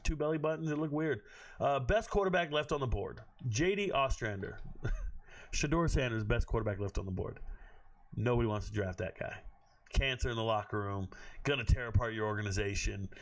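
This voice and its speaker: A man hosting a live stream from his home on his own microphone, talking bluntly with plenty of swearing and sudden bursts of shouting. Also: medium pitch, lively intonation, fairly quick. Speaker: host of a draft watch party stream. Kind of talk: casual live-stream commentary.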